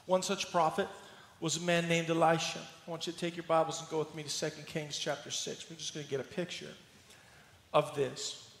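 A man preaching a sermon as pastor, telling the story in an animated, playful way and acting out scenes. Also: on the high side. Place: church sanctuary. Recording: roomy hall reverb.

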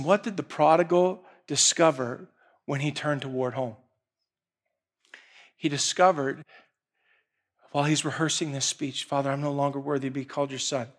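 High-voiced preacher, hushed to shouting. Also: male voice. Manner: dynamic, swings from hushed storytelling to shouting. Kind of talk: sermon.

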